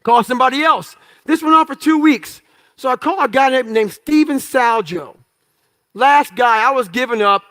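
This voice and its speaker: A man's voice: extremely high pitch, moderate pace, a bit bright. A man giving a motivational talk, telling stories from his life bluntly and with profanity, acting out the voices of other people in them. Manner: acts out quoted dialogue in story. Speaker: motivational speaker. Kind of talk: storytelling talk to an audience.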